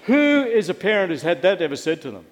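A man's voice: sits high, big pitch swings, a little fast. Middle-aged male pastor, conversational and wry sermon delivery, echoing church hall. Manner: conversational, wry, asks the congregation questions. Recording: long reverb of a church hall.

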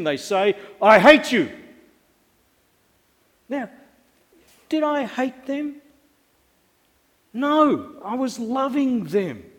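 Middle-aged male pastor, conversational and wry sermon delivery, echoing church hall. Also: sits high. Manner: conversational, wry, asks the congregation questions. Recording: long reverb of a church hall.

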